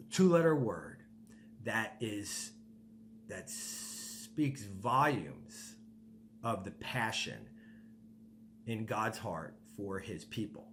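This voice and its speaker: Male pastor, mid-range voice, earnest emphatic sermon delivery, faint hum on the recording. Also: medium pitch. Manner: emphatic, rhetorical "right?" tags, repeats words. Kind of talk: podcast sermon.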